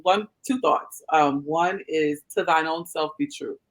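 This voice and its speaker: A woman's voice: low-pitched, measured pace, rough recording. A woman pastor speaking as a podcast guest, earnest and encouraging in casual chat.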